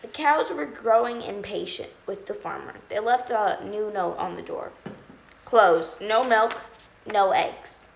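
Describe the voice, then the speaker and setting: Gravelly woman reading a picture book. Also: mid-range voice, unhurried. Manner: expressive read-aloud with funny animal sounds and asides. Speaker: storytime reader. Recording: echoey room, faint background noise.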